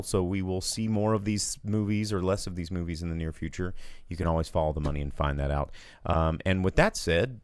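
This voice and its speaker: A man's voice: lowish voice, creaky, no room sound. A man hosting a casual movie podcast, rambling and sarcastic as he talks through box office numbers. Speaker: podcast host.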